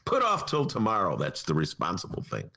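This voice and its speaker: Man, podcast host, sarcastic political rant, pitch leaping all over, studio mic. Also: wildly swooping pitch, brisk, vocal fry, pushed and bright, a little hiss or hum. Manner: sarcastic, mocking, does voices of politicians. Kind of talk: opinionated political talk. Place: radio studio.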